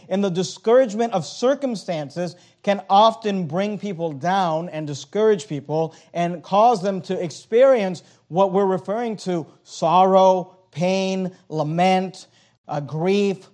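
A man's voice: sits high, a little slow, darkish tone. A man preaching a sermon, earnest and emphatic as he reads scripture aloud.

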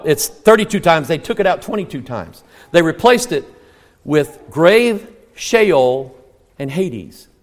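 This is a sermon from a man with a high voice that echoes with the long reverb of a vast hall. He leans on rhetorical questions and sudden, near-shouted emphasis to push his points.

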